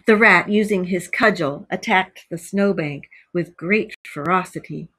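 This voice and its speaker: A woman teacher reads a storybook aloud to children and stops to explain words patiently. Her voice is slightly husky. The sound is dry, with no room echo. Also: fairly low pitch, a little slow, fairly bright tone.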